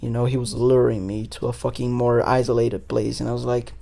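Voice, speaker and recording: Guy in his 20s, gravelly voice, dark tone, just chatting and cursing a lot on his podcast. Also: mid-range voice, level tone, brisk, hardly any pauses. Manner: loose, swears a lot, frequent fillers. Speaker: podcast host. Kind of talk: casual storytelling.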